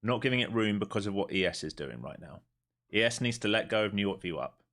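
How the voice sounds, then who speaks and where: A man streaming live as a day trader, giving running commentary to viewers, dropping to mutters and then rising into excited bursts. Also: on the low side, fast.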